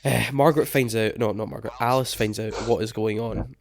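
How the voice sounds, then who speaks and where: A man's voice: on the low side, steady tone, fairly quick, vocal fry. Rambling young man hosting a film podcast. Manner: rambling, lots of ums and restarts. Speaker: podcast host. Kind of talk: casual film-review chat.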